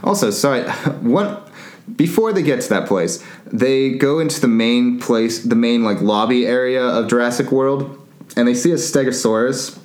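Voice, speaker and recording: A man casually recapping a film on a podcast, rambling, laughing and acting out characters in quick voices. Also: mid-range voice. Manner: rambling, animated, laughs often, acts out characters. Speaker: podcast host. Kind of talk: casual movie recap chat. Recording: echoey room.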